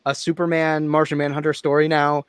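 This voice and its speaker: An animated man co-hosting a comics talk show, laughing as he tosses out story ideas. His voice sits a little high and the sound is dry and close. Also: brisk, clear, resonant tone, dry recording. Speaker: podcast co-host. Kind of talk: casual chat.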